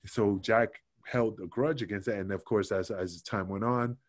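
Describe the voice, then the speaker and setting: Low-voiced man telling animated stories. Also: moderate pace. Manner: animated, swears freely, acts out what others said. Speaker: podcast guest, former wrestler. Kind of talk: casual storytelling interview.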